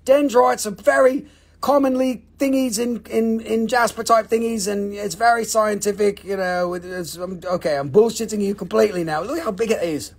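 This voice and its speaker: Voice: mid-range voice, moderate pace. A live-stream rock and mineral seller chatting casually, with joking, profane, rambling sales patter.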